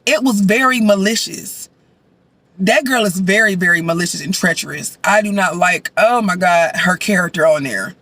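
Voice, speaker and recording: A man chatting casually as a vlogger, reviewing a show while he eats, animated and sassy with loud outbursts. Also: sits high, moderate pace, dry recording.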